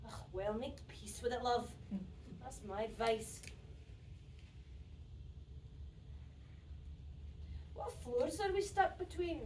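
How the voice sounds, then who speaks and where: A stubborn, sharp-tongued Scottish patient, played by a woman in a high voice with a Scottish accent and blunt, teasing retorts. The stage play is recorded from far back, so it is echoey. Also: very animated, a little slow, slight background noise. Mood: brisk, teasing. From Scotland. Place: theatre stage.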